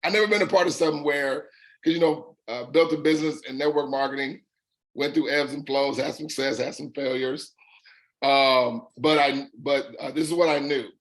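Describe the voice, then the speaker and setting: A middle-aged man with a Southern drawl and a raspy voice, hosting a group call. He talks in a folksy, upbeat way, leaning on repetition for emphasis. His pitch sits in the middle for a man. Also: fairly even intonation, normal speed, rough recording. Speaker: host. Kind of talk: casual call testimony.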